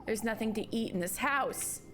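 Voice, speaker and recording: A woman reading a game's dialogue aloud in a cutesy put-on voice, as a prim young woman alone in a dark house. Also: on the high side, normal speed, slight background noise, pitched below the performer's own voice, natural voice. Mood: wary.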